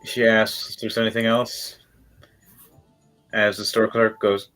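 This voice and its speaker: A man's voice: lowish voice, little pitch movement, unhurried, fairly bright tone, soft background music, low-quality recording. A man narrating a tabletop game as game master, in a rambling, playful way.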